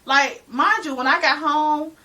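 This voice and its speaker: A woman's voice: high-pitched, unhurried, sharp tone, distant mic. A middle-aged woman, telling an exasperated story on a casual podcast, full of laughing asides. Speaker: podcast co-host.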